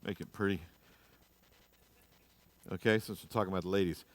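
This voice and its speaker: A man teaching a casual Bible class in church, chatty and joking, dropping to quiet asides and rising to loud bursts. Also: low voice, fairly even intonation, normal speed.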